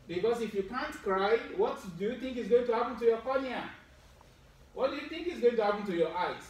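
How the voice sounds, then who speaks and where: A man with a high voice preaches a sermon, asking his listeners questions and slipping in dry jokes. He sounds far from the mic, and his words ring through a very echoey hall with faint background hiss. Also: lively intonation, a little fast. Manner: explains with medical detail, asks the audience questions, wry asides. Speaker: preacher giving a Friday sermon. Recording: roomy echo, distant mic, faint ambience.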